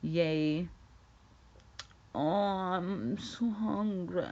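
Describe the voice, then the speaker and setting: At home, a Scottish woman livestreams and chats casually with her viewers, swearing and laughing along the way. Her voice is lowish, slow and darkish in tone, and the stream audio is dull and lo-fi.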